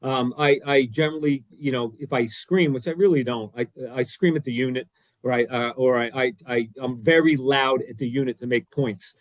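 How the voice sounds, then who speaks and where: A man co-hosting a podcast, telling a story in an excitable, emphatic, self-deprecating way. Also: mid-range voice, moderate pace, no room sound. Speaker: co-host, former defensive coordinator. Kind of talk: animated storytelling; casual podcast chat.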